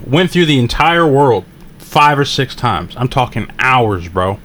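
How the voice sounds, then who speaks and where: A man co-hosting a podcast, talking casually and cursing freely. His voice sits at an ordinary pitch and he vents with lively exasperation. A faint room ambience hums behind him. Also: unhurried, slight background noise. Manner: animated, profane, venting frustration. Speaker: podcast co-host. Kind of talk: casual chat.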